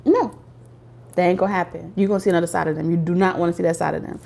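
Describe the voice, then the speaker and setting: A woman's voice: lowish voice, little pitch movement, very fast, gravelly, darkish tone. A woman doing a casual tarot reading for viewers, talking bluntly with slang and profanity. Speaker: tarot reader.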